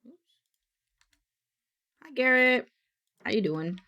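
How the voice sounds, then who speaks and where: A woman's voice: fairly high pitch, lively intonation, slow, bright, forceful tone, highs cut off. A woman streamer chatting casually while she works, muttering to herself and swearing now and then. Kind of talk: casual co-working stream chat.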